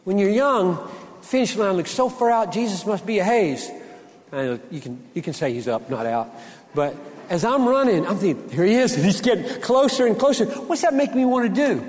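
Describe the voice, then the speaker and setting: A man in his sixties gives a lively conference talk with a preaching edge, joking as he goes and tripping into restarts. His voice sits high for a man. It rings out with a long reverb through a large hall. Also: moderate pace. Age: 60s. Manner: animated and joking, with frequent restarts. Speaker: conference speaker.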